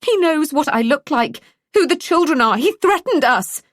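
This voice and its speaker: A woman's voice: on the high side, big pitch swings, moderate pace, dry recording, clean studio sound, voice pushed up. A woman reading an audiobook, voicing a frightened middle-aged mother who speaks urgently with a rising, shaky voice.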